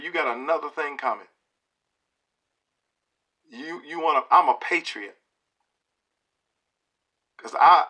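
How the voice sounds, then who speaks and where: A middle-aged man giving an opinion monologue to camera, emphatic and preachy, often pausing to ask "okay?". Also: fairly high pitch, sharp tone. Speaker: video blogger.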